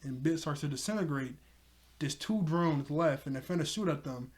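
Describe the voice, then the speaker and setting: Excited rambling man, slightly higher voice. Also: normal speed. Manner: excited rambling retelling, many fillers. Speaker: TV episode reviewer. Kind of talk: casual episode recap.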